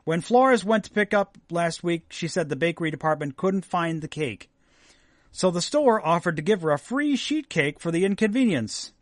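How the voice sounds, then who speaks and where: A man's voice: on the high side, lively intonation, moderate pace, dry recording. A man co-hosting a podcast who reads out odd news stories in casual chat and adds wry, dry asides. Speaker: podcast co-host.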